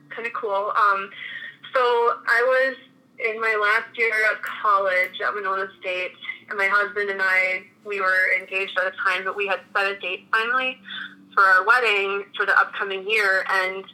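A woman's voice: medium pitch, steady tone, moderate pace, bright, forceful tone, rough recording. A woman in her thirties from Minnesota, telling her own story in a chatty way with many restarts. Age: 30s. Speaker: guest. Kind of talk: casual interview conversation.

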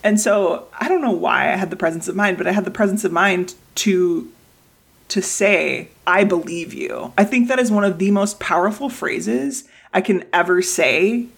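A woman's voice: medium pitch, moderate pace, gravelly, breathy edge. A woman in her thirties co-hosting a podcast, telling personal stories in a casual, emotional way. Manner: emotional, animated storytelling with acted quotes. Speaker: podcast co-host. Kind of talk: casual conversation.

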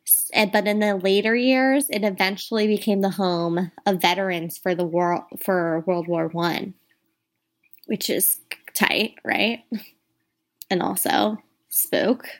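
A woman in a casual podcast chat, running through spooky tales in a loose, talky way. Her voice sits at an everyday middle pitch. She often turns to address the listeners directly. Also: slow pace. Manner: chatty, addresses listeners as "you guys". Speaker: podcast co-host. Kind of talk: casual ghost-story chat.

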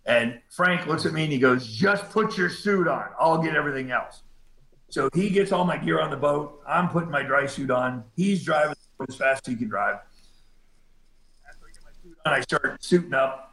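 A man's voice: on the high side, normal speed, creaky, roomy sound, rough recording. A man who works as a volunteer rescue cave diver, telling a story in casual speech and acting out the dialogue he quotes. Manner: animated retelling, acts out quoted dialogue.

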